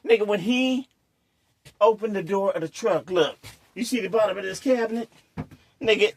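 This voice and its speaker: A man's voice: sits high, moderate pace. A man hosting a show, telling a raucous story full of swearing, laughing often and acting out the scenes. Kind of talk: casual anecdote telling.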